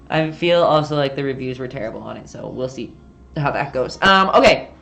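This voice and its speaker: A woman's voice: extremely low pitch, creaky, fairly bright tone, highs cut off. A woman giving a casual, rambling live-stream painting lesson, chatty and self-deprecating, often giggling.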